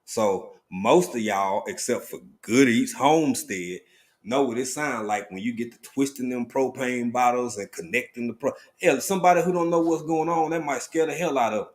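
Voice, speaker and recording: A man of middle pitch hosts a casual live stream from home. He talks in a loose, relaxed drawl and calls out viewers by name, breaking into sudden excited bursts of greeting. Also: normal speed.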